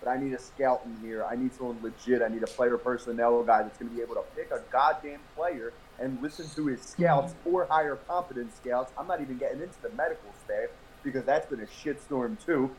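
A man's voice: medium pitch, a little fast, a little hiss or hum, low-quality recording. Blunt ranting man on a sports podcast. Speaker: podcast co-host. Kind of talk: casual sports chat.

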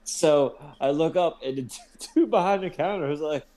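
A man's voice: on the high side, normal speed. A young man telling a story to friends, laughing often, swearing freely and acting out the voices of the people in it. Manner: animated, acts out quoted voices, laughs a lot, swears freely. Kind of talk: casual storytelling among friends.

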